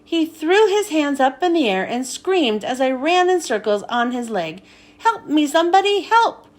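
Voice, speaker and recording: A woman reading a children's book aloud in a high, lively voice. Her storytelling is animated and expressive, with her pitch moving constantly. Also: moderate pace.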